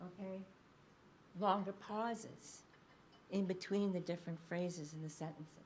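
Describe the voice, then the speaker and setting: A woman's voice: fairly low pitch, steady tone, a little slow, long pauses, a little mellow, a little hiss or hum. A woman researcher giving a public lecture in a library space. She talks conversationally, with frequent fillers, restarts and "okay?" check-ins. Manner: restarts and self-corrections mid-sentence.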